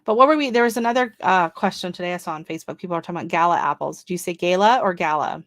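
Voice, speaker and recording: A woman's voice: fairly low pitch, rapid-fire, dry recording. A woman hosting a casual gardening livestream, chatting with viewers while reading seed listings aloud and reacting to them. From not from Canada. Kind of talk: casual live-stream chat.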